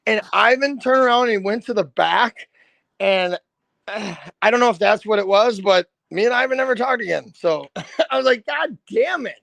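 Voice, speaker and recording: A man, a rock band's lead singer, telling stories as a podcast guest in a loose, animated way, swearing freely and saying "dude" a lot. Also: sits high, normal speed, creaky, no room sound. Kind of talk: casual storytelling.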